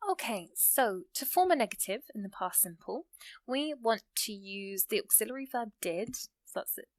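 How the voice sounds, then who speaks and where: A woman's voice: fairly high pitch, expressive, no echo. Patient woman teaching grammar, dry sound. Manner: patient, reads example sentences slowly and stresses key words. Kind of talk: explaining a grammar lesson.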